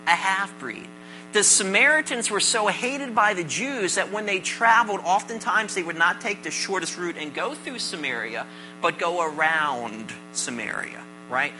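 A pastor giving a sermon to a congregation, mixing jokes with scripture and calling on listeners with quick questions. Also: medium pitch, sharp tone, a little hiss or hum, rough recording. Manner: calls on the congregation with "right?" and questions. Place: church service before a congregation.

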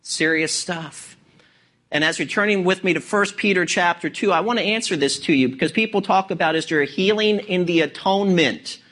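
A man's voice: high voice, a little fast, fairly bright tone. A male pastor preaching an expository sermon, asking rhetorical questions and stressing key words.

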